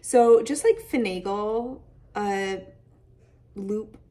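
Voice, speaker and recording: A woman's voice: mid-range voice, very slow. A woman hosting a casual knitting podcast, chatty and enthusiastic, her voice a little tired and hazy. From Michigan. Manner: chatty, warm-hearted, enthusiastic with fillers. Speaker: podcast host. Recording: voice a bit distant from the mic.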